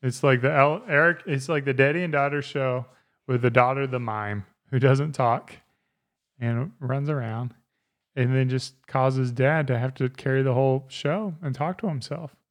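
This is a man in his thirties hosting a relaxed podcast in casual chat. His voice sits at an ordinary middle pitch. He rambles through his thoughts with plenty of fillers and laughs easily. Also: moderate pace. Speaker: podcast host.

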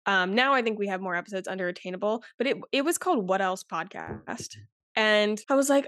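A woman's voice: medium pitch, a little fast, fairly bright tone, dry recording, studio quality. A woman in her twenties, a podcast guest chatting candidly and rambling a bit, full of likes and restarts. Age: 20s. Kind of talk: casual interview chat.

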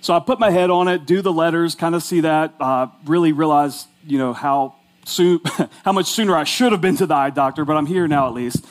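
Man in his 40s, pastor, fairly high voice, chatty storytelling sermon, self-mocking, lots of "like". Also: brisk.

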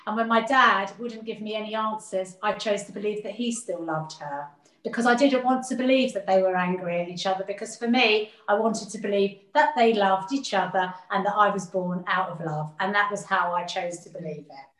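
A woman's voice: mid-range voice, brisk, a bit bright. Earnest woman in an echoey room. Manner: earnest, repeats words as she gathers thoughts. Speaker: interview guest. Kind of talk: reflective personal interview. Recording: roomy echo.

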